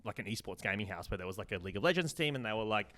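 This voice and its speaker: A man's voice: fairly low pitch, expressive, very fast, fairly bright tone. A man, a guest comedian, riffing in casual podcast banter, laughing often and swearing freely.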